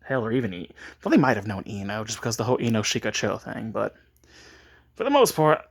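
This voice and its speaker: A man's voice: lowish voice, sing-song, quick pace, vocal fry, breathy edge. Rambling man telling a story. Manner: rambling, with frequent restarts and chuckles. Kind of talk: casual improvised story retelling.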